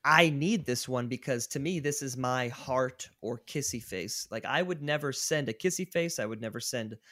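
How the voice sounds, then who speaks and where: A young man co-hosting a casual podcast chat, animated and laughing often, with bursts of loud emphasis. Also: medium pitch, normal speed, dry recording, studio quality. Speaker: podcast co-host.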